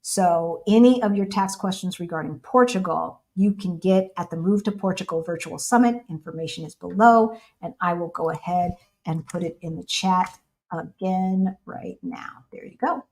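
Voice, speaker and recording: A chatty American woman co-hosts a casual livestream, her voice sitting a little low. She reads out viewer questions and answers them in a lively, conversational way. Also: normal speed. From United States. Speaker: co-host of a livestream.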